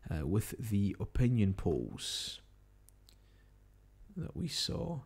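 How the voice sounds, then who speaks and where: A man's voice: lowish voice, wildly swooping pitch, extremely slow, gravelly, darkish tone, breathy edge. Scottish man hosting late-night results coverage. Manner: chatty, musing, reads out tweets and updates. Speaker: radio-style live broadcast host. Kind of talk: casual live results commentary.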